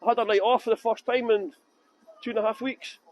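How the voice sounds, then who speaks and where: A tour guide with a high, steady, brisk voice leads a live outdoor walking tour through city streets, holding his phone as he goes. He jokes, laughs a lot, and responds to viewer comments, while soft music plays under a low-quality recording.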